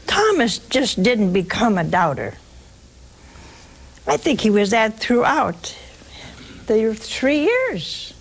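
Folksy woman preacher with a gravelly voice. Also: on the high side, big pitch swings, a little slow, a little hiss or hum, rough recording. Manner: folksy and humorous, acts out the scripture stories. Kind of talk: sermon.

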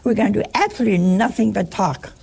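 A woman's voice: medium pitch, fast talker, vocal fry, darkish tone, slightly rough. An older woman, a religious sister, gives an informal talk to an audience, telling stories in a folksy, joking way.

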